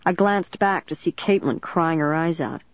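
A reader narrating a suspense novel in the first person, with steady dramatic storytelling. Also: mid-range voice, normal speed, dry recording. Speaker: audiobook narrator. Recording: dry, dull lo-fi recording.

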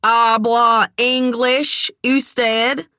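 A woman playing a loud, drunk, crude man. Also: a little high, little pitch movement, very slow, clear, resonant tone, no echo, voice pushed up, exaggerated voice. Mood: leering.

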